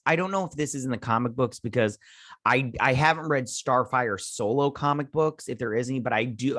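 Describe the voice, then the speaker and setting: A man's voice: medium pitch, a bit bright, no echo, clean studio sound. Rambling jokey male show host. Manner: rambling, jokey, with mock-indignant asides. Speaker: show host reviewing a TV episode. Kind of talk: casual recap and review.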